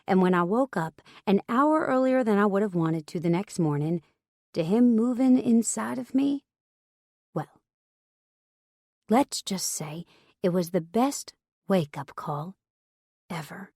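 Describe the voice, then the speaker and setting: A woman's voice: mid-range voice, lively intonation, a little slow, pauses often, mellow, no echo. A woman reading a romance audiobook in the first person, with an intimate, confiding manner on a close studio mic. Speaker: audiobook narrator.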